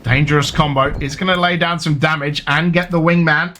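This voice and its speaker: Bright-voiced southern English esports caster. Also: male voice, a little high, a little hiss or hum. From southern England. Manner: rapid excitable play-by-play, jokey. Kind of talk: live esports commentary.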